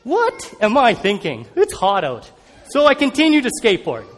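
Man preaching through a story, lively high voice, animated, long hall reverb. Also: moderate pace, faint music behind. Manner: animated, acts out scenes. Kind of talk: storytelling sermon.

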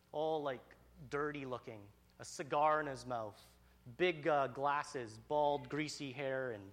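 A man telling a personal story in an animated, excitable way, with frequent restarts. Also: a little high.

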